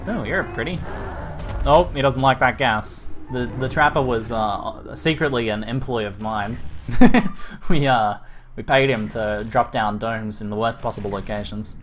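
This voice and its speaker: An Australian man commentating a game live, swinging between laid-back strategy talk and excited, laughing outbursts. His voice sits in a middle pitch, with a casual streaming delivery. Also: a little slow, slight background noise. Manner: excitable, laughs often, swears.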